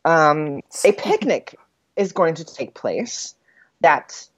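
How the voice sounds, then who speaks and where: A woman with a lowish voice co-hosting a chatty podcast, rambling through a story summary with plenty of ums and laughs. Her pitch swings widely as she talks. The recording sounds dull, lo-fi and dry. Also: very animated, takes it slowly, no echo. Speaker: podcast co-host. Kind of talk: casual chat.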